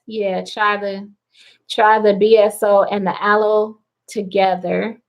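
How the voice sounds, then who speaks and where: Streaming live from home at night, a mother chats and reads viewer comments out loud, laughing frequently. Her mid-range voice comes across slow and relaxed, though the audio is poor.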